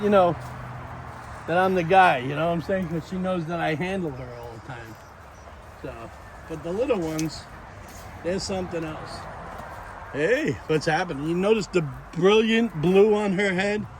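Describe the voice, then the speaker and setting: A man's voice: high-pitched, measured pace, long pauses. A man hosting a vlog in a backyard, chatting casually and rambling as he shows his plans and talks to his animals. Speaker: vlog host. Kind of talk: casual chat. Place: outdoor backyard. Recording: outdoor noise.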